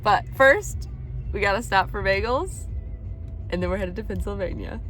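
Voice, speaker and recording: A woman's voice: medium pitch, expressive, normal speed, fairly bright tone, soft background music. A young woman vlogging casually on a road trip in her minivan, chatty and upbeat, saying y'all a lot, recorded on a phone camera. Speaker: van-life vlogger. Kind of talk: casual travel vlog.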